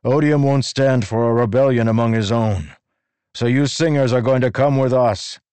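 A narrator putting on a commanding soldier who barks orders at full volume, pitched well above his own voice. The delivery is forceful and unyielding, as in a storybook read aloud, in a dry, close recording. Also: moderate pace, clean tone, no echo, close to an everyday voice. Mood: urgent.

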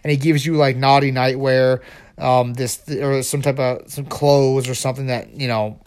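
A man hosting his own podcast, chatting casually and excitably, rambling with frequent restarts. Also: medium pitch, moderate pace, clear, resonant tone. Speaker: podcast host. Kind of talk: casual solo podcast chat.

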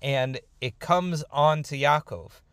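A man's voice: on the high side, slow, smooth, no room sound. Man telling a scripture story casually. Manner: conversational, informal, lively retelling. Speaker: Torah storyteller.

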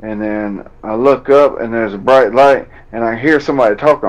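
A man, a fighter telling a painful story in an interview, drawling and halting as he acts out old conversations. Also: mid-range voice. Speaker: bare-knuckle fighter guest. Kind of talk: emotional storytelling in a podcast interview. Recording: dull lo-fi audio.

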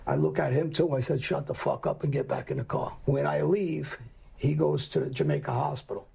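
A man's voice: fairly high pitch, fairly quick, gravelly, warm tone, slightly rough. A middle-aged man telling a story in a blunt, profane way and acting out the lines he quotes. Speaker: guest telling a crime story. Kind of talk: casual storytelling.

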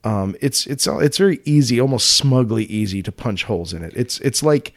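A man co-hosting a podcast, talking in an easygoing, animated way. He laughs often and restarts his sentences as he thinks aloud. His voice sits at an ordinary middle pitch. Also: normal speed. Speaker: podcast co-host. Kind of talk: casual chat.

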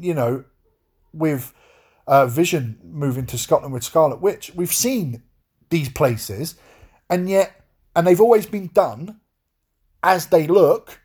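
A man's voice: fairly high pitch, darkish tone. A man hosting a podcast, giving an exasperated, swear-filled review in a casual ranting style, often restarting his sentences. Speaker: podcast host reviewing a film.

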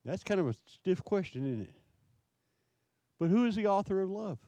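Man preaching a slow, searching sermon. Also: high-pitched, very animated, dark tone, no room sound. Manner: asks rhetorical questions, slow emphatic preaching. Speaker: pastor.

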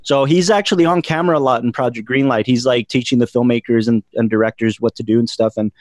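A man's voice: medium pitch, fairly even intonation, fast talker, darkish tone, no echo. A man hosting a film podcast, talking casually with many fillers and restarts. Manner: rambling, lots of fillers and restarts. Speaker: podcast host.

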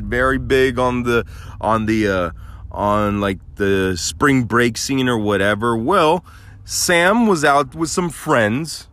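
A man's voice: fairly high pitch, dry recording. A man hosting a podcast, rambling through a crude, joking monologue. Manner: rambling, crude, animated storytelling. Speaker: podcast host. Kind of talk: casual monologue.

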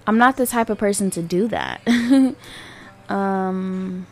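A young woman hosts her podcast alone, speaking candidly, slowly and at a medium pitch, her rambling peppered with fillers and curses. Background noise can be heard.

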